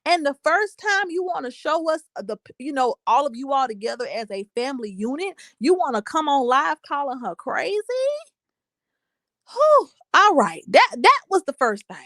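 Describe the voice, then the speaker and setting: Sassy young woman, bright voice, dry sound. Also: sits high, normal speed, dry recording. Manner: animated, sassy, emphatic. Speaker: livestream host reading comments. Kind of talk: casual commentary chat.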